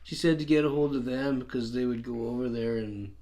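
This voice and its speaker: A man's voice: medium pitch, brisk, mellow. A man from Canada with a Canadian English accent, hosting a casual storytelling chat in a blunt, swearing manner with frequent laughs. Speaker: channel host.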